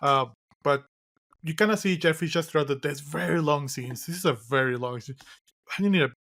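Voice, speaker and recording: A man co-hosting a podcast, recapping a film in casual chat with a halting, wry, rambling delivery. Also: fairly high pitch, fairly bright tone. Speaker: podcast co-host.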